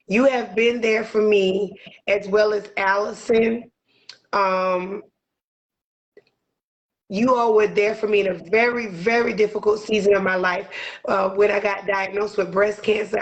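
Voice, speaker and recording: A woman's voice: medium pitch, steady tone, measured pace, lo-fi sound. A woman co-hosting a podcast, voicing heartfelt, near-tearful gratitude and repeating her phrases. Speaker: podcast co-host. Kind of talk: emotional podcast chat.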